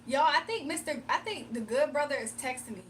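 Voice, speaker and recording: A high-pitched woman hosts a laid-back livestream, chatting to viewers and breaking into frequent laughs. She sits a little back from the mic, and a faint hum runs underneath. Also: expressive, fairly quick, distant mic. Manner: chatty, laughs often, talks straight to chat. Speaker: livestream host. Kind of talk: casual livestream chat with viewers.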